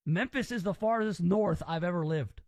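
High-voiced opinionated man. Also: normal speed, a little mellow, dry recording. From Southern US. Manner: opinionated and rambling. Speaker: podcast host. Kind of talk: casual chat.

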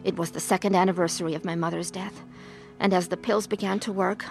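A woman earnestly narrating her own life story, acting out her scenes with deep emotion. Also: steady tone, quick pace, gravelly, faint music behind. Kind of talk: dramatized testimony narration.

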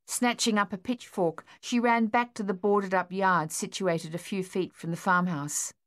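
A woman narrating an audiobook with steady, even storytelling. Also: mid-range voice, moderate pace.

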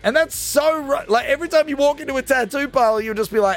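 A man's voice: very high voice, fast talker, faint music behind. A male radio host, ranting comically and with lots of energy into a studio microphone. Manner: animated, ranting, jokey. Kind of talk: comedic radio rant.

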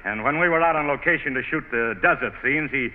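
An actor playing a brash young male movie star in hiding, barking hurried orders in 1930s radio acting. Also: on the high side, natural voice. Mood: frantic. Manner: hurried, bossy, breathless commands. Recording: tinny, hissy old radio broadcast.

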